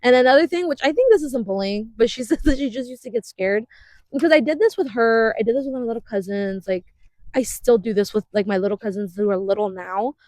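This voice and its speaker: A woman in her twenties co-hosting a podcast in casual chat, talking fast with many fillers and frequent laughs. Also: fairly high pitch, a little mellow, no room sound. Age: 20s. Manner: chatty, laughs often, uses many fillers. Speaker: podcast co-host.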